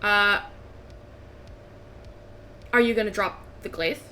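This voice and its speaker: A woman's voice: medium pitch, slow pace, bright, forceful tone, slight background noise. A woman running a tabletop game as game master, patiently explaining rules and vividly narrating scenes.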